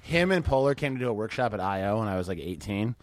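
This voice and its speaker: Lively laughing man telling stories. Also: fairly low pitch, fast talker, no echo. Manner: lively storytelling with frequent laughs and swearing. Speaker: comedian guest. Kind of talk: casual comedy podcast chat.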